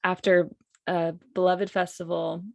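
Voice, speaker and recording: A woman hosting a podcast, speaking in a soft, affirming and reflective way. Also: fairly low pitch, level tone, measured pace, vocal fry, no room sound. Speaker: podcast host. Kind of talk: casual podcast conversation.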